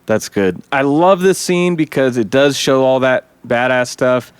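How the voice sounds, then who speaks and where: A man co-hosting a podcast, talking casually about a film in an animated way, swearing now and then and slipping into quoted lines. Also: mid-range voice, a little slow, clear, resonant tone, no room sound. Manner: animated, profane, breaks into quoted voices. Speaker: podcast host.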